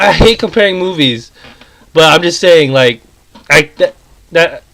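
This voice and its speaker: A man's voice: fairly high pitch, low-quality recording. A man vlogging a casual, rambling movie review that turns into a heated, profane rant. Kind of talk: casual ranting film review.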